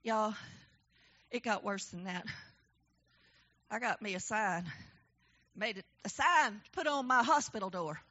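A woman preaching a testimony sermon in a church, swinging between low storytelling and shouted, emphatic preaching. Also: unhurried, pauses often, dull audio.

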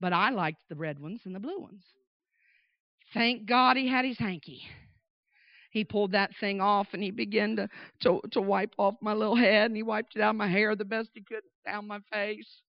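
A woman preaching through a lively personal story, with emphatic, animated delivery. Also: mid-range voice, moderate pace, creaky, dry recording. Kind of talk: storytelling sermon. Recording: dull dry recording.

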